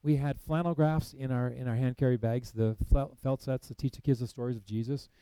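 A man preaching, telling a personal story with lively acted-out quotes that turns hushed and solemn. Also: mid-range voice, fairly quick, smooth, no room sound, rough recording. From United States. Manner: animated storytelling, acts out quoted voices, then hushed and solemn. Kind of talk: sermon storytelling.

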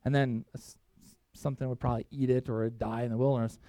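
A man's voice: mid-range voice, level tone, fast, dark tone, no room sound. A middle-aged man, a pastor preaching a conversational sermon, acting out quoted voices and restarting sentences as he goes.

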